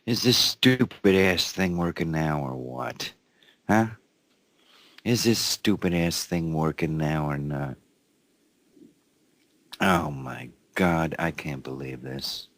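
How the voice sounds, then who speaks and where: A man's voice: sits low, expressive, slow, long pauses, a bit bright, no echo. A man hosting his own show, exasperated, cursing and repeating himself as he rambles on air. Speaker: show host.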